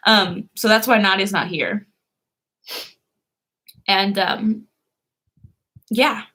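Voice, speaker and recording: A woman's voice: medium pitch, pushed and bright. A young woman chatting casually on a live stream, rambling with fillers and small laughs.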